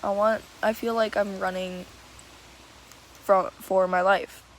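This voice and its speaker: Slow, husky-fried teen girl confiding. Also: mid-range voice, little pitch movement, slight background noise, poor audio. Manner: halting, searching for words, tearful. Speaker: vlogger. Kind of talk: emotional personal confession.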